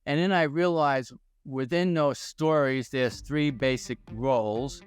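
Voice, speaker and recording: New York-accented man, smooth resonant voice. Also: medium pitch, a little slow, soft background music. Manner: energetic, storytelling, rhetorical questions. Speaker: guest, employment attorney. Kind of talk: podcast interview.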